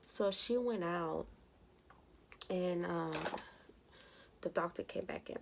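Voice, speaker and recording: A woman's voice: on the low side, fairly even intonation, a little slow, pauses often, a little hiss or hum. A young woman vlogging from home, telling a story casually with lots of "like" and quoted dialogue. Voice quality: gravelly vocal fry. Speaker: beauty vlogger.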